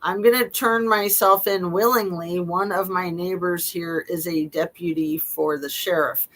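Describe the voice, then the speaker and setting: A woman's voice: lowish voice, fairly even intonation, unhurried, fairly bright tone, slight background noise, low-quality recording. Wry middle-aged woman commentator. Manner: wry, skeptical asides with frequent fillers. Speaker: true-crime commentator. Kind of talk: casual commentary while reading text messages aloud.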